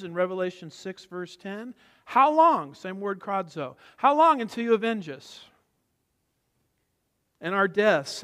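A man preaching a sermon, emphatic, moving between loud stressed phrases and quiet asides. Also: sits high. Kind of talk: expository sermon. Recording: long hall reverb.

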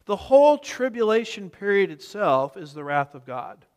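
A man's voice: sits high, sing-song, moderate pace, smooth. A man preaching an expository sermon, teaching emphatically and driving home repeated points. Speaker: pastor. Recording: reverberant hall.

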